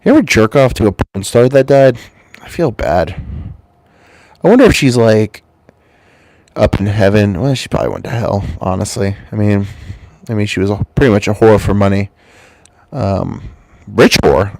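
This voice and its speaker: A man's voice: on the low side, normal speed, pauses often, no echo. A man with a cold hosting his channel, rambling through a crude comic monologue full of swearing, with a stuffy, congested voice. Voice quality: stuffy-nosed. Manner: loose, swearing, swings between mumbles and loud jumps. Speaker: channel host.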